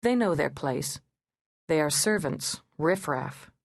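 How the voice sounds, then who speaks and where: A woman narrating an audiobook in the first person, in a sardonic, measured manner, recorded in a studio. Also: low voice, lively intonation, creaky, slightly rough, no echo.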